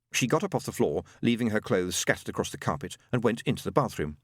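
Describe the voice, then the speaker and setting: A man narrating an audiobook in an expressive, wry way. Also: lowish voice, quick pace, no echo, clean studio sound. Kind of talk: scripted narration.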